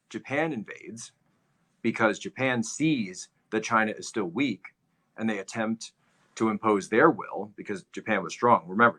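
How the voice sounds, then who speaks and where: Male commentary host: low-pitched, forceful delivery, lecturing with emphatic repetition. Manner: emphatic, repeats phrases for stress. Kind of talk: livestream commentary, history lecture.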